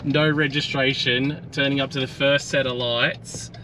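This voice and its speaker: A man's voice: mid-range voice, level tone, measured pace, bright, forceful tone, slight background noise. A man with an Australian accent, hosting his channel and chatting in a jokey, teasing, easygoing way with the people around him. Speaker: channel host. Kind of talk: casual on-location chat.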